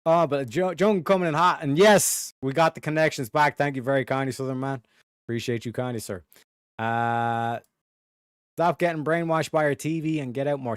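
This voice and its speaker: A man's voice: on the high side, normal speed, dry recording, studio quality. A man hosting a stream, reading out roast jokes and reacting in casual, profane commentary with bursts of laughter. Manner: profane, animated, laughs through roast lines. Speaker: streamer host.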